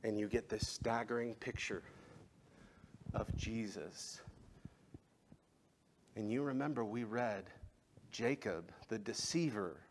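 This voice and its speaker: A male pastor preaching a sermon, moving between quiet, measured passages and rising, impassioned climaxes. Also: on the low side, slight background noise.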